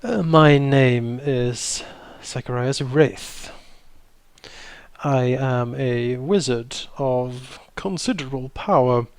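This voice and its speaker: A man voicing a courteous, self-assured wizard who speaks formally with slow emphasis. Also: mid-range voice, clear, resonant tone, no echo. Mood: formal, courtly. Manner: formal, theatrical bowing speech with slow emphasis.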